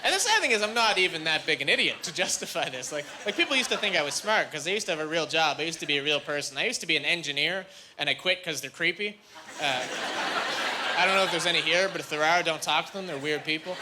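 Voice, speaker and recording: A young man doing a stand-up routine on a comedy club stage, animated and jumping into high squeaky voices when acting out scenes. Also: fast, background noise. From Canada. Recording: live club recording with audience laughter.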